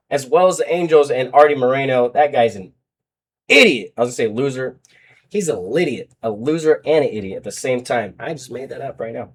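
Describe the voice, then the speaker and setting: A man hosting his own show, casually talking through sports betting picks, rambling and correcting himself, with sudden loud outbursts between mumbles. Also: mid-range voice, expressive, a little fast, slightly rough.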